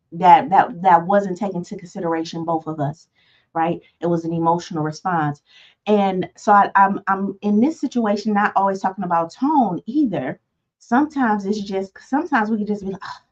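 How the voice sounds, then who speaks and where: A woman in her forties giving a self-help talk as host, in a soft tone, conversational and full of fillers and asides. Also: mid-range voice, highs cut off. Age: 40s. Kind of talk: motivational teaching talk.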